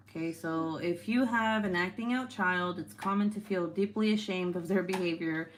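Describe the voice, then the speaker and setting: Young mom, casual vlog at home, middle pitch, profane and unfiltered, slight hiss. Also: female voice. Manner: blunt, swears freely, laughs often, breaks off to scold her kids. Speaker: vlogger and mother. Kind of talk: casual talking-to-camera vlog. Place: at home, with children nearby.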